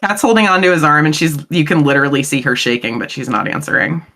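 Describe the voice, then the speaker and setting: A woman's voice: low-pitched, expressive, fast, a bit bright. A woman playing a tabletop role-playing game, talking casually and bluntly in and out of character. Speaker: player.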